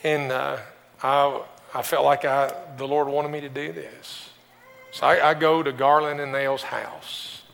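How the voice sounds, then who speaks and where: A man's voice: mid-range voice, level tone, unhurried, creaky, a bit bright. A man pastor giving a conversational sermon, telling a personal story with restarts and rhetorical questions. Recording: long hall reverb.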